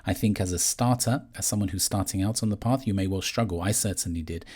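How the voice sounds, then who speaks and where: A man calmly explaining a meditation practice step by step, in a measured teaching manner. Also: low-pitched, husky. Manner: calm, measured, gently explaining. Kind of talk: guided instruction on meditation.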